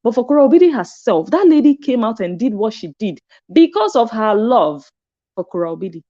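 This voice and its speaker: A woman's voice: on the high side, big pitch swings, fairly quick, warm tone, muffled recording. A woman giving casual commentary, chatty and reflective. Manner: chatty and reflective, with frequent "hmm" reactions. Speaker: commentary vlogger.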